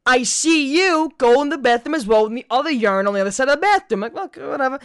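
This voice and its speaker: A man's voice: very high voice, fast, clear, resonant tone. Young guy on a podcast, swears a lot, rambles, voice shoots up when he gets worked up. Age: young adult. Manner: profane, rambling storyteller, voice jumps up when excited. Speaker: podcast co-host. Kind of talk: casual chat.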